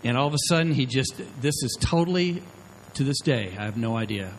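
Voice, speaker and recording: A man's voice: medium pitch, lively intonation, fairly quick, poor audio. A middle-aged man delivers a sermon as a pastor, talking in a loose, storytelling way. He keeps asking the listeners "okay?" as he goes. There is a faint hiss of noise behind him. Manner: conversational storytelling, frequent "okay?" check-ins.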